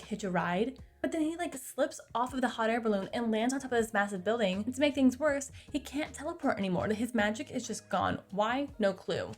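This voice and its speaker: A young woman recapping a movie in a casual, chatty way, with sarcastic asides, recorded on a close mic. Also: a little high. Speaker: movie reviewer.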